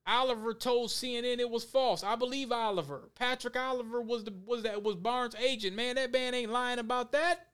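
A man's voice: very high voice, steady tone, normal speed, hardly any pauses, fairly bright tone, clear, resonant tone. A man reading news aloud and breaking in with heated, emphatic, repetitive commentary to his viewers. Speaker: commentary vlogger.

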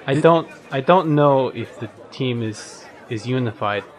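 A man's voice: medium pitch, unhurried, some chatter behind, lightly acted. A man playing a hesitant, gloomy Aasimar. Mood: doubtful. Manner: quiet, hesitant. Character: gloomy, studious young male Aasimar. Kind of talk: tabletop role-play in character.

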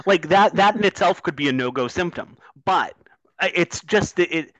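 A man's voice: sits high, animated, normal speed, fairly bright tone, dry recording, poor audio. A man talking sports on a podcast, building up heat and swearing when he gets worked up. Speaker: podcast co-host. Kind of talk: casual sports talk.

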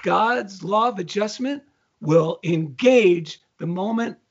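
A man's voice: sits high, takes it slowly, a little hiss or hum. A middle-aged man co-hosting a casual spiritual podcast, telling a story animatedly and acting out the dialogue. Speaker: co-host. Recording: dull lo-fi sound.

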